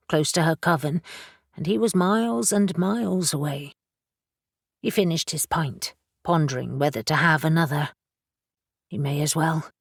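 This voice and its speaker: Low-voiced woman narrating an audiobook. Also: dry recording, clean studio sound. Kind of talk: scripted narration.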